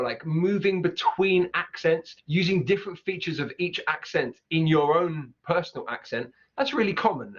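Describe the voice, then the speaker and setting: Coach, fairly high voice, repeats example words, dull lo-fi audio. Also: male voice, a bit bright. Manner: repeats words slowly to demonstrate. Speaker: accent teacher. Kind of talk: explaining pronunciation over clips. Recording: dull lo-fi sound.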